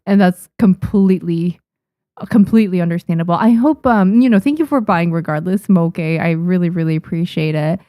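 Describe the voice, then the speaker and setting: A woman's voice: lowish voice, normal speed, mellow, no echo, clean studio sound. A young adult woman, a manga artist, chatting casually on a livestream at her desk microphone, thanking viewers with frequent ums. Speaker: manga artist streaming to chat.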